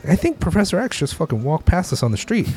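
A man, co-hosting a podcast and telling animated anecdotes. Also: on the high side, quick pace. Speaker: podcast co-host. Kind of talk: casual chat.

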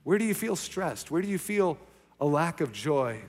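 A young adult male pastor preaching a sermon, telling a personal story in an earnest, animated way. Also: fairly high pitch, moderate pace. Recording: long reverb of a large hall.

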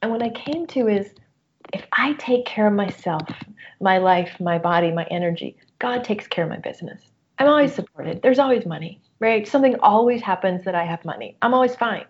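A woman's voice: medium pitch, expressive, fairly quick, slight background noise. A middle-aged woman, a coach and guest, speaking candidly about personal loss in an earnest, open way with many restarts. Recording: muffled lo-fi audio.

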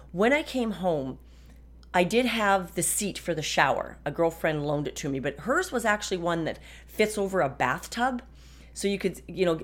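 A woman in her fifties talks frankly into her podcast mic from her home desk. Her voice sits a little low, and her chatty delivery carries a dry, sarcastic edge. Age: 50s. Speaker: podcast host. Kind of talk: casual personal monologue.

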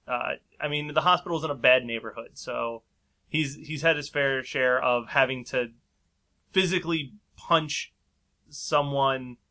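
A man's voice: medium pitch, unhurried, pushed and bright. A man casually telling a long story in a chat, rambling and laughing often. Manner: rambling, laughs often, acts out quoted voices.

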